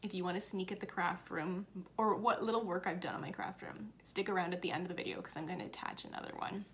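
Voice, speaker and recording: A woman's voice: fairly low pitch, quick pace, vocal fry, fairly bright tone, slight background noise. A woman in her thirties hosting a casual cross stitch vlog from home, rambling and self-deprecating with lots of chatty asides. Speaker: cross stitch video host. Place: home office.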